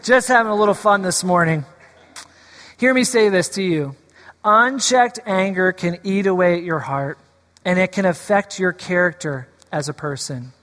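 A man's voice: sits high, normal speed, a bit bright. A man preaching a sermon as a pastor, playful and teasing at first, then earnest. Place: church sanctuary. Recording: long hall reverb.

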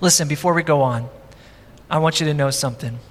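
A man's voice: on the high side, fast, big-room sound. A male pastor preaching a sermon in a conversational, storytelling way, acting out the people in his story. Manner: animated, conversational, acts out quotes.

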